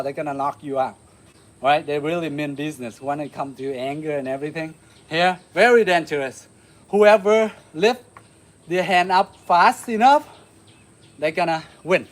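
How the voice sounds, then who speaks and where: A man with a Vietnamese accent teaching a live martial arts lesson, counting and calling out strikes as he demonstrates. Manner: demonstrating moves, counting, shouting "boom".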